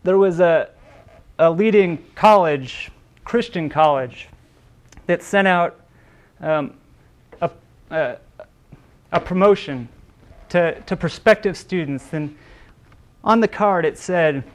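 A man's voice: fairly high pitch, slow pace, long pauses. A man preaching a sermon as a pastor, earnest, with repeated words and small restarts.

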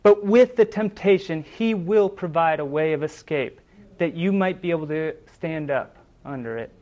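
Male preacher, fairly high voice, earnest sermon delivery, dramatic storytelling. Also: moderate pace, darkish tone, highs cut off. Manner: earnest, dramatic retelling of scripture with emphatic quoted lines.

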